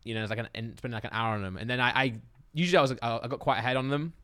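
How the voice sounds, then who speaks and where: A young man chatting casually as a podcast co-host, rushing through his words at a quick pace. He rambles, hesitates and repeats himself a lot. His voice is recorded dry and close. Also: medium pitch, a bit bright, clear, resonant tone, no room sound. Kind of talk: casual chat among friends.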